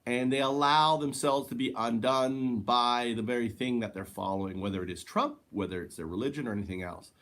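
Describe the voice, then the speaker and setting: A man's voice: mid-range voice, a little fast, hardly any pauses, a bit bright. A man giving a rambling spiritual monologue, swearing and correcting himself as he goes. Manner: rambling, profane, self-correcting. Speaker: spiritual teacher.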